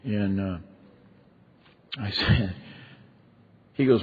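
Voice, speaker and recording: A middle-aged man tells his own story from the stage of a large convention ballroom, candid and chatty, full of "you know" and "man". His voice sits on the low side and sounds husky. The recording is thin and phone-like, with a long reverb trailing off the hall. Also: slow pace, pauses often. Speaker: recovery meeting speaker. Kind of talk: personal story told from a stage.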